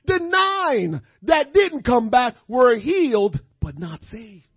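A man, preaching with lively swings from hushed asides to full shouts. He calls out to the congregation as he goes. The sound is dull and lo-fi, very dry and close. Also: very high-pitched, takes it slowly, breathy edge, dry recording. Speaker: pastor. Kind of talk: sermon. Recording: dull, lo-fi sermon audio.

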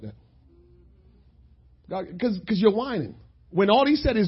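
Man preaching, very high voice, shouting and then quiet. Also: sing-song, normal speed, long pauses, breathy edge, dull audio. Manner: shouting, emphatic preaching with sudden drops to quiet asides. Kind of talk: sermon.

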